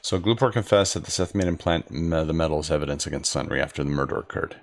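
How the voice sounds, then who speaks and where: A gaming channel host with a very deep voice gives casual gameplay commentary, talking fast in a relaxed, mumbled way with joking asides. Faint game music plays under his commentary.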